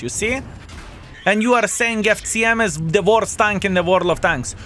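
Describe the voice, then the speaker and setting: A man's voice: high voice, animated, measured pace, bright, forceful tone, a little hiss or hum. A man streaming a tank game, commenting on the action, swearing and thanking chat viewers by name. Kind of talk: live gameplay commentary and chat reading.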